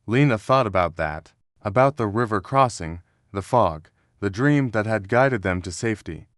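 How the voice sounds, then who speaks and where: A man narrates a historical story in a steady, measured voice that sits low for a man. The sound is dry and close, with no room around it. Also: no room sound. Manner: steady, measured storytelling with quoted dialogue read in the same voice.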